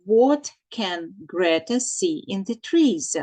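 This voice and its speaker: A woman teaches a children's English lesson at a very slow, deliberate pace. She dictates answers word by word and repeats them. Her voice sits at a middle pitch. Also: expressive, dark tone, poor audio. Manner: slow and repetitive, dictating answers, translating into Ukrainian.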